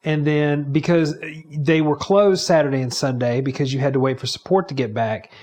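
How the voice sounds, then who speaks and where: A man with a somewhat high voice co-hosts a podcast in casual conversation. He chimes in often, filling in details and correcting his partner's story as it goes. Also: steady tone, normal speed, a little mellow. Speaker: podcast co-host. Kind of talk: casual chat.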